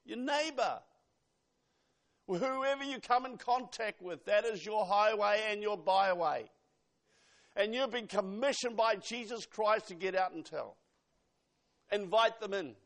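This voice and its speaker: A man's voice: high-pitched, measured pace, pauses often, fairly bright tone. A man preaching a sermon, emphatic, quoting scripture and asking the congregation questions.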